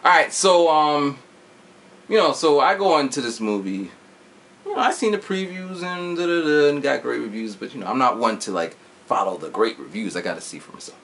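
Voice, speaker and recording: A man's voice: mid-range voice, expressive, a little fast, a bit bright, a little hiss or hum. A man in his forties telling a movie story casually, with sound effects and some swearing. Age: 40s. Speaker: vlogger reviewing a movie. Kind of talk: casual chat.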